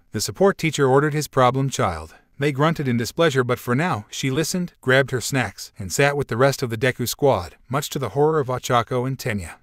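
A man reading a fan fiction story aloud in an even, steady narrating voice. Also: medium pitch, a little fast, hardly any pauses, no echo, studio quality.

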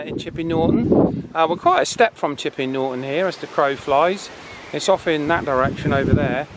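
A man hosting a radio hobby vlog outdoors on high ground, chatting in a relaxed, thinking-aloud way. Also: very noisy. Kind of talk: casual vlog narration.

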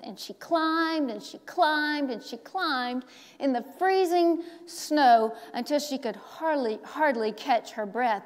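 A woman pastor preaching a sermon, telling a story slowly with dramatic pauses. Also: on the high side. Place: large church sanctuary. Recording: long church hall reverb.

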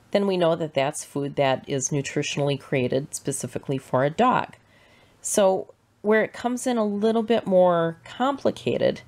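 A woman with a Midwestern American accent giving a clear, measured, scripted presentation as a shelter educator. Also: sits low, darkish tone.

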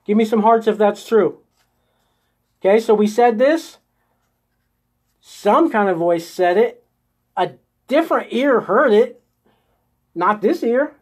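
A man's voice: high voice, animated, slow pace, long pauses. A man leading a live-streamed spiritual coaching session. He talks his viewers step by step through an inner exercise and keeps checking in with a coaxing "okay?" or "right?" every few sentences. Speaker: host of a live group session.

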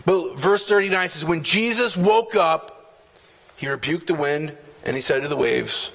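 A male pastor preaching a sermon in a church, his voice pitched high and gravelly with fry. He talks emphatically, acting out the voices in the story as he goes. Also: animated, measured pace, fairly bright tone. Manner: emphatic preaching with repeated "man" and acted quotes. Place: church sanctuary.

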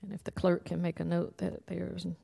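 A woman, a city administrator, chairing a public meeting and reading agenda items in a measured way. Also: on the low side, little pitch movement, vocal fry, warm tone, slightly rough. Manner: measured, reads items out slowly. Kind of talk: formal public meeting procedure.

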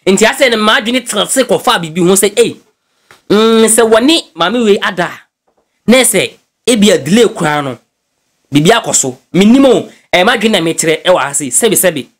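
A man with a high-pitched voice gives lively gossip commentary as a blogger. He talks in an animated, chatty way and drops English phrases in as he goes. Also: moderate pace. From Ghana. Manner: animated, mixes English phrases into his talk. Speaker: news blogger.

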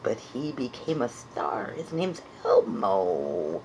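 A woman's voice: extremely low pitch, big pitch swings, slow, darkish tone, slight background noise, pitched below the performer's own voice, exaggerated voice. A woman voicing a shy blue furry puppet creature, unsure and playful as she searches for its voice in improvised comedy.

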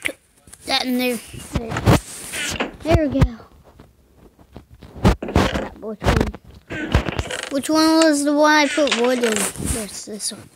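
A woman giving casual let's-play commentary while she plays, muttering to herself, slipping into whispers and breaking into sudden excited outbursts. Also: high-pitched, slow pace, pauses often, heavy background noise.

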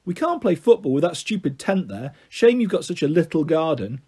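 A man's voice: a little high, sing-song, a little fast, warm tone, husky. A man voicing a bossy, spiteful young girl with a blunt, mocking manner in a storybook reading. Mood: sneering.

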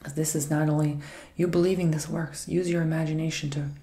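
A man giving an ASMR Reiki healing and tarot session, talking in a soft, mostly whispered, meandering and reassuring way. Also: a little high, little pitch movement, fairly quick, roomy sound, a little hiss or hum.

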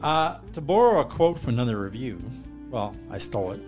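A man's voice: medium pitch, very animated, a little fast, darkish tone, soft background music. A man reviewing a film on a podcast, laid-back and jokey in casual chat.

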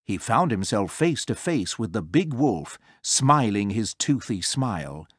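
A storybook narrator reading a children's tale aloud in an expressive, sing-song way. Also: medium pitch, a little slow, no room sound, studio quality.

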